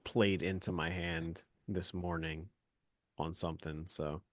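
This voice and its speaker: A man's voice: low-pitched, steady tone, slow, dry recording, clean studio sound. A middle-aged man, a podcast co-host, telling a heated story full of profanity in casual chat.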